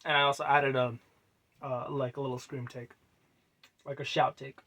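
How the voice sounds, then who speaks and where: Bright-voiced casual young-sounding man. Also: medium pitch, level tone, moderate pace. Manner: rambling, loose, with many fillers and trailing quiet asides. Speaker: musician explaining his own song. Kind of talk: casual music breakdown.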